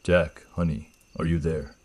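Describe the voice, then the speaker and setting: Eerie dead wife calling over the radio, soft and a little raspy, Maine accent ; played by a male narrator, low and husky. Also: little pitch movement, a little slow, heavily acted. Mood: eerie coaxing. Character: eerie dead wife's voice, woman, drowned, coaxing.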